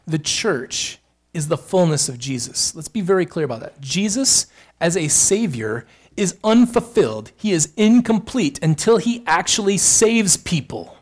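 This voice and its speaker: A male pastor preaching a sermon with earnest emphasis, rising on key points and adding quick asides to the congregation. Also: high voice, lively intonation.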